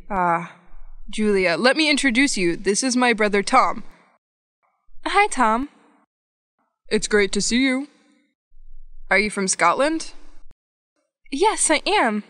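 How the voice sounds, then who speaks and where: A woman reading scripted English practice dialogues for learners, slow and evenly paced. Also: medium pitch, fairly bright tone, no room sound. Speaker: English lesson narrator.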